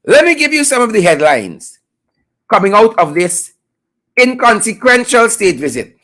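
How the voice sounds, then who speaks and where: Guyanese accent, sarcastic political host, live-stream commentary, swooping animated pitch, mocking repetition. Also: moderate pace.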